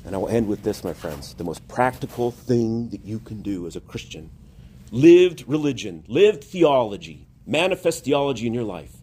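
Husky-voiced man preaching a sermon. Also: lowish voice, expressive, brisk, hardly any pauses, a little mellow. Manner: earnest, building to emphatic exhortation. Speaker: priest.

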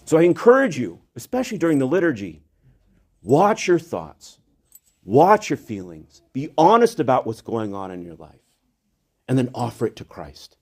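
A man's voice: medium pitch, normal speed, husky. A man, a priest, delivering an earnest sermon in church, repeating phrases for emphasis. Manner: earnest, animated preaching with repetition.

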